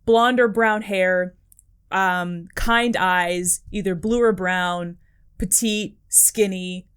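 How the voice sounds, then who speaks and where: A woman's voice: fairly low pitch, steady tone, takes it slowly, smooth. A woman co-hosting a podcast in casual chat, rambling with lots of fillers. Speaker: podcast co-host.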